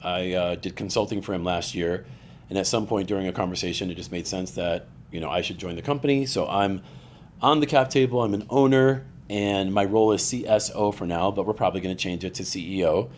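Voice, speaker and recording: Animated man telling stories, low voice. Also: fairly quick, slight background noise. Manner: animated storyteller, acts out quoted voices. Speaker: podcast guest. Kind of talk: casual chat.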